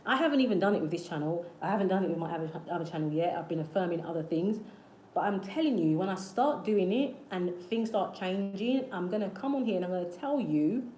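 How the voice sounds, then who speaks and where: A woman's voice: on the low side, moderate pace, mellow, slight background noise. A woman hosting her own channel, talking casually and earnestly to her viewers, coaching them in a repetitive, encouraging way. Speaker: manifestation channel host. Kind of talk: casual motivational talk to camera. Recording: echoey room with faint ambience.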